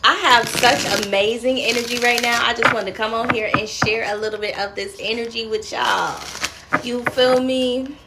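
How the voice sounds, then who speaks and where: A woman's voice: fairly high pitch, fairly even intonation, moderate pace. A woman reading tarot cards on a live stream, chatty and giggly, calling her viewers darling and using slang, over noisy background hiss. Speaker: tarot reader.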